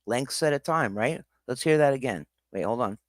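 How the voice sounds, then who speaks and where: A man's voice: mid-range voice, lively intonation, moderate pace, no room sound, studio quality. A man hosting a reaction livestream, ranting angrily and swearing at the people he is rebutting. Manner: angry, profane ranting. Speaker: livestream host.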